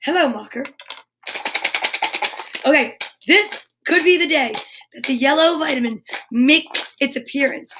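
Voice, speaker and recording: A woman's voice: sits high, moderate pace, background noise. A middle-aged woman hosting a live kids' show, chatting with viewers in a bubbly, playful and silly way. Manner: chatty, addresses viewers directly. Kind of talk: live-stream chat with viewers' comments.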